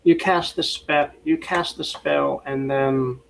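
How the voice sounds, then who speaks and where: A man running a tabletop game as game master, narrating in a halting way with frequent restarts. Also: fairly high pitch, steady tone, creaky, rough recording.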